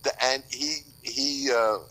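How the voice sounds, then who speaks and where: A man's voice: medium pitch, steady tone, takes it slowly, sharp tone, low-quality recording. An older man from Boston, an author chatting casually on a call, rambling and joking with many restarts. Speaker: author guest. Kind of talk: casual podcast chat.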